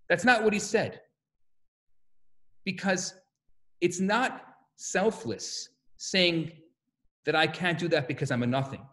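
A man, a rabbi, giving a lecture full of stories and acted-out quotes, in an animated manner. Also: sits high, slow, long pauses. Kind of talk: lecture with storytelling.

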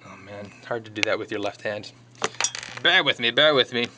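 A drum teacher with a lowish voice talks at normal speed over a noisy background. He chats casually through a sheet of music, relaxed and counting the beats out loud, now and then dropping in brief excited asides.

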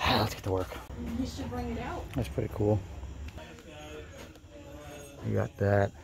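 A man's voice: on the low side, fairly even intonation, gravelly. Man giving blunt toy-store commentary. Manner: blunt, quick verdicts, swears casually. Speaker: toy collector vlogger. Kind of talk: casual running commentary while shopping. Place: busy toy store, indoors. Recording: crowded store noise behind.

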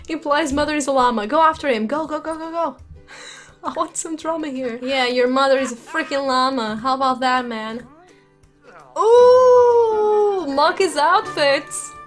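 A woman with a high voice narrates her video game at a relaxed, unhurried pace, laughing often and reacting aloud. She speaks close to a desk microphone. Faint game music plays underneath. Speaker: gaming YouTuber. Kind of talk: let's play commentary. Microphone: desk USB microphone.

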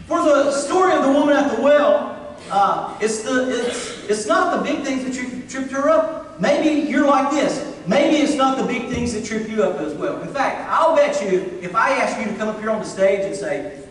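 A middle-aged man preaches a sermon from the church stage, telling funny stories with lots of animation. His voice sits unusually high. He is heard from a distance, with a long hall reverb and a faint hiss underneath. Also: normal speed. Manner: humorous, animated storyteller. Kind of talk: sermon with storytelling. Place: church sanctuary.

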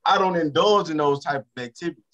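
A Louisiana rapper talking casually in an interview, repeating himself for emphasis and turning quieter when he talks about stress. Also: fairly high pitch, fast, muffled recording. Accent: Southern US, Louisiana. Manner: emphatic and repetitive, drops to a subdued tone about stress.

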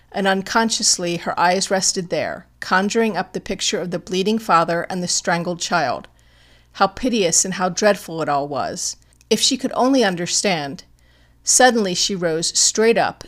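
A woman narrating a classic detective story as an audiobook, in a measured, even reading. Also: medium pitch.

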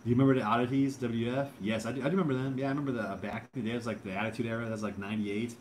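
A man's voice: mid-range voice, steady tone, rapid-fire, slight background noise. A man in his thirties hosting a casual livestream, reading out chat and rambling with lots of fillers and repeated words.

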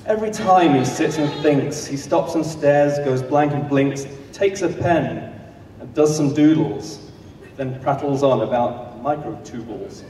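Mellow man narrating rhyming comic verse. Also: mid-range voice, measured pace, a little hiss or hum. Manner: rhythmic storytelling in rhyme. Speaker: comic performer. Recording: echoey hall from a distance.

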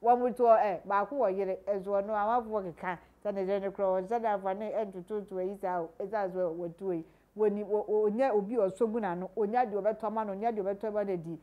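A woman from Ghana, a celebrity gossip vlogger, giving animated commentary that swings from loud exclamations to low asides. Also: fast talker, dull audio.

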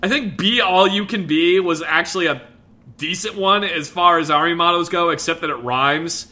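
A man's voice: a little high, normal speed, sharp tone. A young man co-hosting casual gaming commentary, playful and laughing often. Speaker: let's play co-host.

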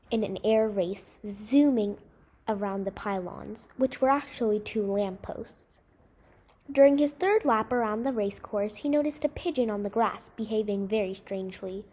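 A woman narrating a short story aloud in a measured, expressive storytelling manner. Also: mid-range voice, breathy edge. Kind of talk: scripted story reading.

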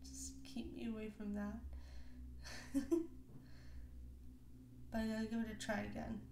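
A woman's voice: a little high, level tone, unhurried, a little mellow. A young woman hosting a casual reaction video, chatty and giggly, voicing what the pets might think. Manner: giggly, chatty, voices pets' thoughts. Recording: echoey room with faint noise.

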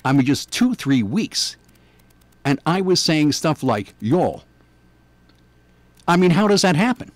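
A man's voice: fairly high pitch, big pitch swings, moderate pace, dry recording. An older man from New York with a New York accent, hosting a morning radio show in a rambling, chatty, self-deprecating way. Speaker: radio host. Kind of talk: casual morning radio chat.

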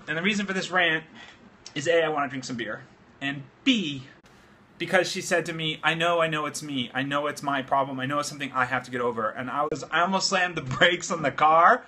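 Excitable man hosting a beer-fueled livestream. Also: high voice. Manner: excitable, loose and swearing, drinking beer while talking. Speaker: livestream host. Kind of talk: casual livestream chat. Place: home studio. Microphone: phone livestream app.

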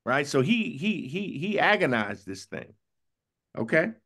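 A bishop preaching a Bible study sermon in a conversational, questioning way, often asking "right?" and reading scripture slowly. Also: male voice, on the high side, big pitch swings, fairly bright tone. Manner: conversational, questioning, tag "right?" after points; reads scripture slowly and drawn out.

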